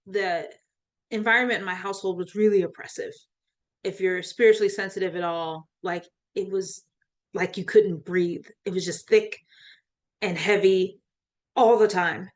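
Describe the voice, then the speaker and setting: A woman, a life coach, telling a personal faith story in an interview, laughing often and acting out quoted voices. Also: medium pitch.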